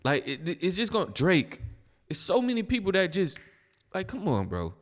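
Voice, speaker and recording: A man commenting bluntly and mockingly on video clips. His voice sits fairly high and swings up and down a lot. The recording carries a long hall reverb. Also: wildly swooping pitch, moderate pace. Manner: blunt, mocking, keeps saying "bro". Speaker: reaction video host.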